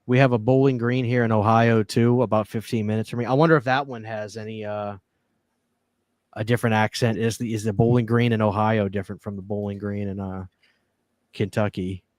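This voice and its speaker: A man's voice: lowish voice, brisk, no room sound. A man from New Orleans hosting a live stream, chatting casually with lots of fillers and frequent laughter. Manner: animated, laughs often, many fillers. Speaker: podcast host.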